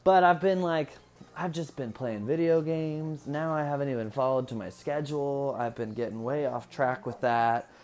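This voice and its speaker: A man's voice: medium pitch, moderate pace, a little mellow. A man in his twenties from Indiana, chatting casually to the camera at home. He rambles from one thing to the next, swearing freely and laughing often. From Indiana, USA. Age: 20s. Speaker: vlogger. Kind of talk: casual chat.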